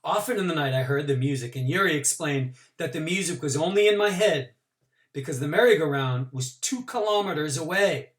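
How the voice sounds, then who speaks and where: Bright-voiced male teacher reading aloud. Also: a little high, a little fast. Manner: expressive reading, with voices for the quoted characters; adds short explanations for listeners. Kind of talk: reading a novel aloud to a class. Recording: voice picked up from a distance from the mic.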